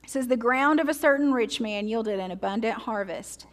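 A woman teaching pastor delivering a sermon, slowing down to read scripture aloud and adding joking asides and rhetorical questions. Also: fairly high pitch. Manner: reads scripture slowly and deliberately.

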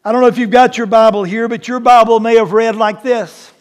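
Casting note: male lead pastor mid-sermon, high-pitched, conversational asides building to emphatic, drawn-out declarations. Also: fairly even intonation. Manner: emphatic preaching, slows and rises on key words.

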